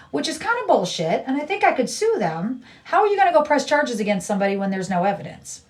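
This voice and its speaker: A woman's voice: medium pitch, big pitch swings, a little fast, distant mic. A middle-aged woman livestreaming, chatting casually in a blunt, rambling way and repeating herself.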